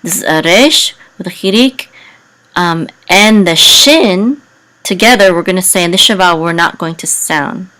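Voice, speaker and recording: Woman, low voice, slow halting speech, casual Hebrew lesson, sings words higher. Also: bright, forceful tone. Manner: halting, many fillers, chants words in a higher sung tone. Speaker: Hebrew and Torah chant teacher. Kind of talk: casual tutorial, explaining and chanting words.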